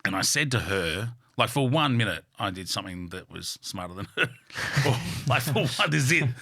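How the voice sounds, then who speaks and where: An Australian man telling candid stories as a podcast guest, blunt and animated, swearing freely and reaching for vivid metaphors. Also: mid-range voice, normal speed, gravelly, husky, no room sound, clean studio sound. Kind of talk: candid storytelling in a podcast interview. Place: studio.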